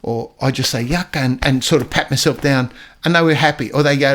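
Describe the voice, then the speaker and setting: A man's voice: mid-range voice, fairly bright tone. An older man with an Australian accent, a retired police officer telling stories in a casual interview, often repeating words as he goes. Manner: halting, repeats words as he talks.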